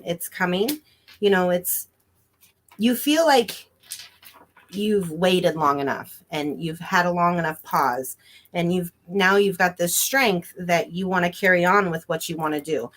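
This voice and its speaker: A woman's voice: fairly low pitch, measured pace, fairly bright tone. A woman giving a psychic reading on a live stream, reassuring and emphatic, stretching out her phrases. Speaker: psychic reader.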